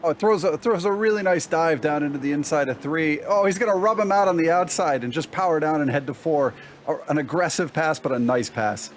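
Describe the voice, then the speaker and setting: A man giving relaxed, explanatory color commentary on a sim race, breaking down passes and racing lines. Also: fairly high pitch, a little fast. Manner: relaxed, explanatory analysis with fillers. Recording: noticeable background noise.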